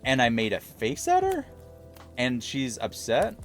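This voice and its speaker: A man's voice: mid-range voice, unhurried, soft background music. A man casually telling viewers an exasperated story from his pharmacy job, acting out the dialogue as he goes. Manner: exasperated, animated retelling with quoted dialogue.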